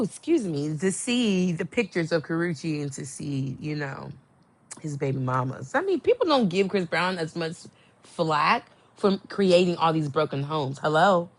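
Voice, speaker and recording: Animated gossiping woman, slow and lively. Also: fairly low pitch. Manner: animated, gossipy, swooping exclamations. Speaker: podcast host. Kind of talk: casual chat.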